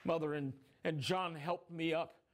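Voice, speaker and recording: A man's voice: a little high, fairly even intonation, a little slow, close to an everyday voice. A man playing a grieving younger brother who tells, in a first-person dramatic monologue, how he watched his brother suffer, his telling rising into anguished cries. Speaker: dramatic storyteller.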